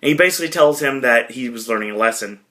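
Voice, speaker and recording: Chatty man with a bright voice. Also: mid-range voice, expressive. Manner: rambling, lots of fillers, slipping into quick impressions. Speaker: podcast host. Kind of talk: casual movie recap.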